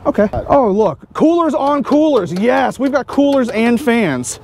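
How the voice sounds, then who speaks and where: A joking, excitable man hosts a casual vlog outside next to a vehicle. His voice sits high and swoops around with lively ups and downs. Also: a little slow, gravelly. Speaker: host.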